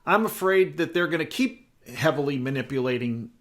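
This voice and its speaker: A man's voice: a little high, lively intonation, a little fast. A man hosting an interview, putting questions to his guest and backing him up with short affirmations. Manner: frequent brief affirmations while listening. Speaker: interview host. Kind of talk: conversational interview.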